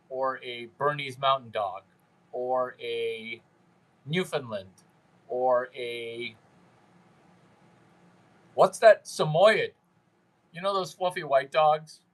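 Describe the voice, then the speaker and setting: A man with a somewhat high voice hosts a livestream, talking to his viewers in an unhurried, drawn-out way. He rambles, teases and jokes crudely, now and then mimicking the people he talks to. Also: fairly bright tone, low-quality recording. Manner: brash, rambling, crude, mocking. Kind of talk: unscripted livestream chat with viewers.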